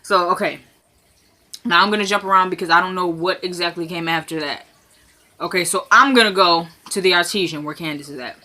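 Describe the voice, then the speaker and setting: A woman's voice: fairly low pitch, fairly quick, bright, forceful tone. A woman chatting casually into her phone camera in her living room, recapping a TV episode and acting out the characters' lines. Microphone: phone camera propped on something.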